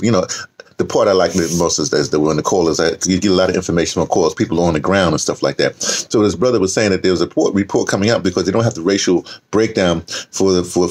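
An older man, talking casually in a morning vlog, rambling with many fillers and restarts. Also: on the low side. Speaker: vlogger. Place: home, indoors.

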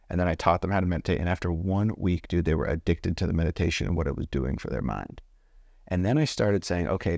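Low-voiced man telling a profane story. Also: vocal fry, no room sound, clean studio sound. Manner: energetic, profane, acts out the people in his stories. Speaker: podcast guest. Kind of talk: casual storytelling interview.

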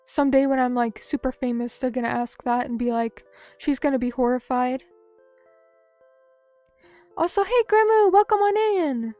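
A young woman with a bright, high voice chatting on her live stream, playful and self-mocking as she answers her chat. Soft music hums faintly in the background. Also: normal speed, pauses often, no room sound.

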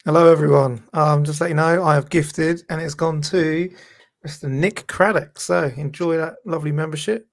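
A man chatting as a podcast panelist in a relaxed, rambling way, laughing easily. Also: fairly high pitch, moderate pace, vocal fry. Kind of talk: casual live-stream chat.

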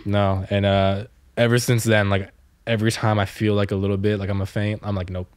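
Low-voiced young man telling stories. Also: flat delivery, fairly quick, smooth, dry recording. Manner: rambling, many "like" fillers, laughs through stories. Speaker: podcast co-host. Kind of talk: casual storytelling chat.

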